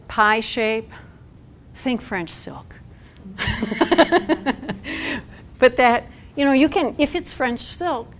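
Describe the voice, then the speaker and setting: A middle-aged woman giving a talk to an audience at a support event, conversational and asking the room questions. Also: a little high.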